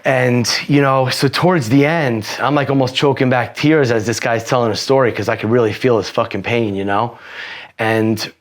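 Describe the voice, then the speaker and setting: In a steady, medium-pitched voice at normal speed, this podcast guest walks through his life story casually. His talk rambles, is laced with swearing, and is peppered with "you know" at every turn.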